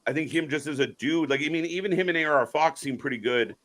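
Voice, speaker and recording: Bright-voiced excitable man co-hosting a stream. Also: a little high, quick pace. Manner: excitable, swears casually, greets chat viewers. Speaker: live stream co-host. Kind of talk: casual wrestling watch-along chat.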